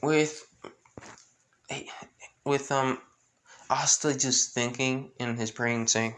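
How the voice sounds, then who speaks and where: A man's voice: medium pitch, lively intonation, slow pace, long pauses, a bit bright. A man improvising fan-fiction narration, rambling, with many restarts. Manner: rambling, full of restarts and with-clauses. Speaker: fan storyteller.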